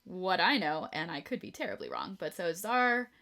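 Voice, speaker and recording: A woman from the American Midwest co-hosting a podcast, talking in a rambling way with many pauses and ums. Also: on the low side, huge pitch swings, creaky, pushed and bright. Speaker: podcast co-host. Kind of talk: casual chat.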